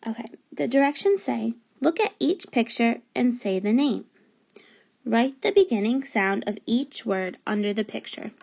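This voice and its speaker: A woman's voice: fairly high pitch, animated, measured pace, creaky, a little mellow. A woman teacher giving a remote phonics lesson to young children, patiently sounding out letters and words.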